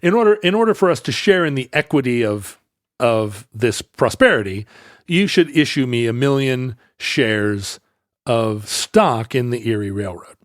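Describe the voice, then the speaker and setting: A man voicing a smooth-talking male con man posing as a Scottish lord, persuasive and grand, without any real accent. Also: medium pitch, expressive, measured pace, no echo, studio quality, close to an everyday voice.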